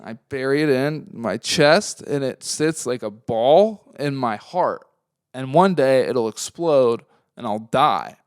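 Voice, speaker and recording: A man's voice: mid-range voice, vocal fry, no echo, studio quality. A young man hosting a podcast, talking casually in a rambling, profane monologue that swings into heated rants. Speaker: podcast host.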